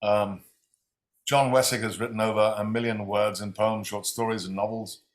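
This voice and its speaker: Low, flat-voiced male host. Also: moderate pace. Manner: friendly, slightly scattered introductions. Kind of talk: livestream host introducing readers.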